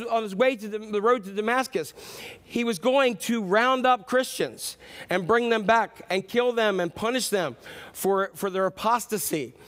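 A man with a notably high speaking voice delivers a sermon as pastor. He tells stories along the way and acts out the quoted lines. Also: a bit bright. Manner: storytelling with acted-out quotes.

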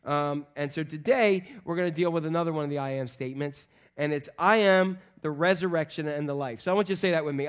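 A middle-aged man, a pastor, preaching a sermon with lively, joking storytelling and frequent fillers. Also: fairly high pitch, fast talker, few pauses, clean tone. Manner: animated, humorous storytelling with many fillers.

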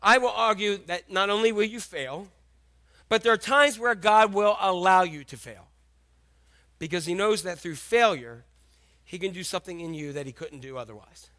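A male pastor delivering a sermon with lively energy, driving points home by repeating them. His voice sits high for a man and rings bright and forward. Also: moderate pace. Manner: animated, emphatic, repeats key lines.

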